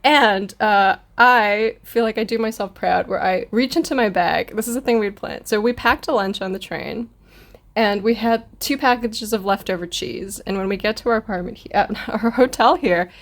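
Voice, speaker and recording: A woman co-hosting a podcast, telling a travel story in a casual, animated way and laughing often. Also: medium pitch, moderate pace. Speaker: podcast co-host. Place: hotel room.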